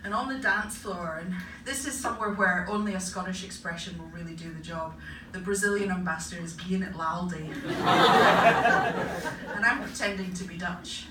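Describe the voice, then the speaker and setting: A woman's voice: fairly low pitch, fairly even intonation, moderate pace. A woman academic performing a stand-up comedy set, telling stories in a wry, punchy way on stage before a live audience. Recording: echoey live venue, distant mic, noisy. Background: audience laughter and room ambience.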